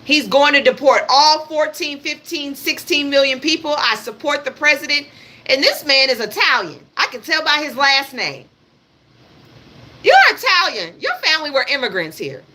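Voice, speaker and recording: A woman's voice: high-pitched, animated, moderate pace, pushed and bright. A woman hosting a live stream, giving blunt, emphatic political commentary. She repeats her points, swears freely and talks straight at her audience. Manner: addresses her audience directly. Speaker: livestream host.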